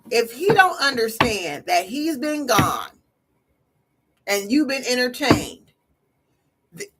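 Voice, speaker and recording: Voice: medium pitch, sharp tone, husky. A tarot reader hosting a casual livestream, talking in a blunt, slangy, scolding way. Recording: noisy livestream audio.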